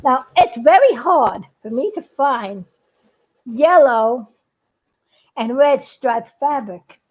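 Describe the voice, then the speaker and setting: A woman's voice: high-pitched, animated, slow pace, a little mellow, rough recording. A woman who makes puppets, chatting casually and giggling as she shows how she builds them. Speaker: puppet maker. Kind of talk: casual craft demonstration.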